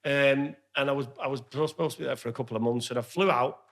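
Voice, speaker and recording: A man's voice: medium pitch, fast, a bit bright. A man with a Northern English accent, co-hosting a casual pub podcast and telling candid stories with plenty of swearing. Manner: candid storytelling, swears freely. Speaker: podcast co-host.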